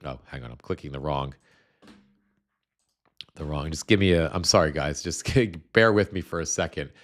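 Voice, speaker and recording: A man's voice: rumbling low, moderate pace. A man hosting a live stream, talking bluntly and scornfully, with many restarts as he explains things at his computer. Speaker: show host.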